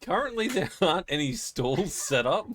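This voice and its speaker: A man's voice: a little high, sing-song, normal speed, fairly bright tone. A playful man guiding a tabletop game, often breaking into giggles between lines. There is a faint hiss under his voice, and the recording has a home-setup feel. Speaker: game master. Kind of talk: tabletop role-play, voicing children.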